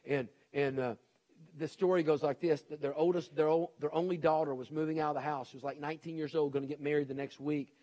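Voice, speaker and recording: A man's voice: fairly high pitch, fairly even intonation, quick pace, warm tone. A middle-aged man preaching a sermon as pastor, earnest and pleading, with repeated urgent appeals to his congregation.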